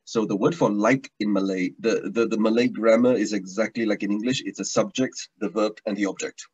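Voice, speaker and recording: Teacher, male, low husky voice, chatty and repetitive, dull lo-fi call audio. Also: steady tone, brisk, a little mellow. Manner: chatty, repeats words, restarts often. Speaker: language teacher. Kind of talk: online taster class, casual teaching. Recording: dull lo-fi online stream audio.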